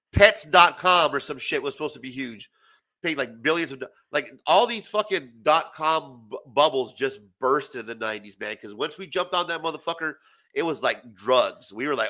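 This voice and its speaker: A man's voice: a little high, normal speed. A man in his forties hosting a comics talk show, ranting casually with lots of swearing and laughter. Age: 40s. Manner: profane, animated, laughs often. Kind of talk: casual late-night rant.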